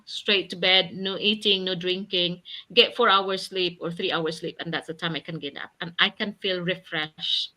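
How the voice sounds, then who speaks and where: A woman's voice: medium pitch, sharp tone. A woman on a video call talking earnestly in a casual chat, often laughing as she speaks. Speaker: accountability partner sharing in a group chat.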